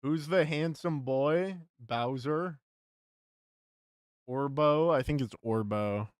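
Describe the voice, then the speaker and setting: A man's voice: fairly high pitch, slow pace, clear, resonant tone, no echo, studio quality. A young man streaming live, chatting casually with his chat, frustrated, swearing and repeating himself.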